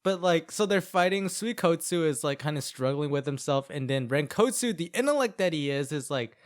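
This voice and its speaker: A young man with a slightly high voice talks through an anime plot in a loose, casual podcast chat. He leans on "like" and quick asides as he tells the story, in an easy, unscripted way. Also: lively intonation. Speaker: podcast co-host.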